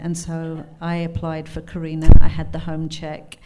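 A woman's voice: low voice, normal speed, heavy background noise. A British woman in her fifties, an author, telling anecdotes at a live book talk, laughing and acting out quotes as she goes. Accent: British English. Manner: animated, laughing, acts out quotes in character.

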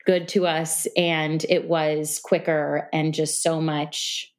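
A woman guest on a podcast, talking in a relaxed, reflective way, with lots of fillers. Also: low voice, slow. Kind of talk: casual interview conversation. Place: New York City.

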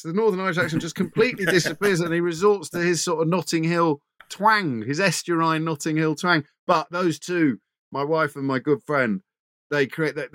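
A man's voice: on the high side, fairly bright tone, no echo, clean studio sound. A middle-aged male radio presenter telling anecdotes in a chatty interview, stumbling over restarts as he goes. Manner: chatty anecdotal, frequent restarts and repeated words. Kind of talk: conversational interview storytelling.

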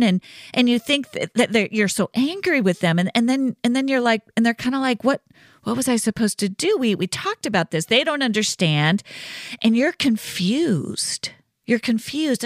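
A woman's voice: a little high, dry recording, studio quality. A woman hosting a solo podcast, explaining in a conversational, reassuring way with frequent "right?" asides. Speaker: podcast host.

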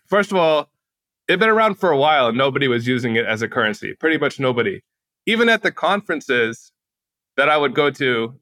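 A man being interviewed as an author, telling animated anecdotes with casual fillers and acted-out quotes. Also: mid-range voice, no echo. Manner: lively, acts out quotes with raised voice, casual "like" fillers. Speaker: guest author and journalist.

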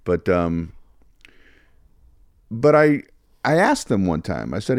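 An older man with a lowish voice, a comedian guest in a casual chat. He tells easygoing anecdotes. The sound is dry and close. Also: sing-song, slow pace, pauses often, dry recording.

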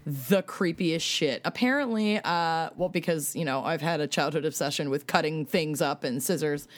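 Low-voiced woman with dry humor. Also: normal speed. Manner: dry, deadpan jokes, laughs as she tells it. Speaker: podcast co-host. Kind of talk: casual chat, telling an anecdote.

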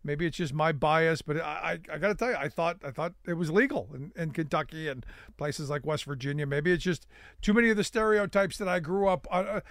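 A man's voice: fairly high pitch, brisk, a bit bright, dry recording, studio quality. A man co-hosting a casual political talk show, hesitant and wry, with many restarts. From United States. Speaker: co-host.

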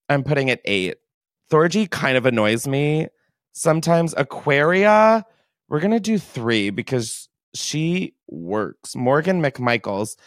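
A man's voice: mid-range voice, no echo, clean studio sound. Giggly emotional male podcast host. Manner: emotional, giggly, swears casually. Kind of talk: casual podcast chat. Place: basement.

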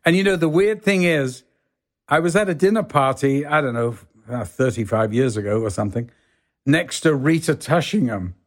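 An older English man with a soft northern Yorkshire accent, a guest actor telling rambling stories in casual chat, full of "you know"s. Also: mid-range voice, animated, normal speed. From England. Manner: rambling storyteller, many "you know"s, does voices in quotes.

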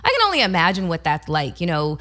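A woman's voice: fairly low pitch, huge pitch swings, fast talker, bright, forceful tone. A woman co-hosting a casual talk show, giving blunt opinions and swearing freely. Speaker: co-host. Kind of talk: casual chat.

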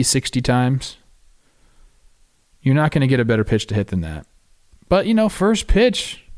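A man hosting a baseball podcast, talking through game clips casually with excited, animated asides. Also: mid-range voice. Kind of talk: casual video breakdown commentary.

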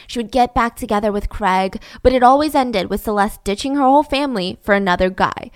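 A woman's voice: sits high, expressive, a little fast, few pauses, no echo, clean studio sound. Wry young woman telling a true-crime story. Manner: wry, sarcastic asides.

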